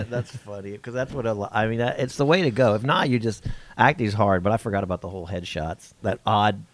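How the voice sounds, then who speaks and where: A man co-hosting a casual chat, agreeable and quick to laugh. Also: fairly low pitch, no echo. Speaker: podcast co-host.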